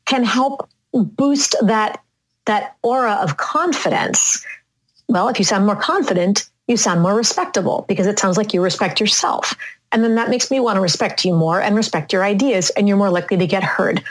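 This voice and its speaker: Woman speaking coach, slow and deliberate. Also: fairly high pitch, rough recording. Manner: demonstrates vocal inflections, slow and deliberate. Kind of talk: conversational interview.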